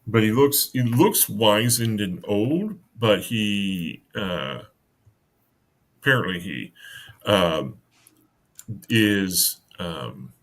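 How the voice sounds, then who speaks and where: A man narrating a tabletop game as game master, halting, with many fillers and restarts. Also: fairly low pitch, animated, a bit bright.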